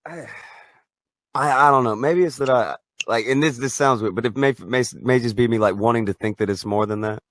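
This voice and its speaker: A man chatting casually on a call, halting and stammering as he talks. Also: medium pitch, fairly bright tone, dry recording, clean studio sound. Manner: halting, stammering, self-doubting. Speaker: streamer guest.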